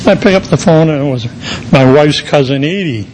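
A man's voice: fairly high pitch, a little fast, a little mellow, a little hiss or hum, rough recording. Rambling man telling his story. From Quincy, Massachusetts area. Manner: rambling storyteller, constant "you know" fillers. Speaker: recovery meeting speaker. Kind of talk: personal recovery testimony.

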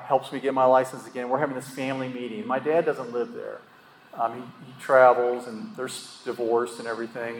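A man telling his own story at a recovery meeting, rambling and self-deprecating, with lots of fillers and chuckles. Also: mid-range voice. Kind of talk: candid personal storytelling. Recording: echoey hall with faint ambient noise.

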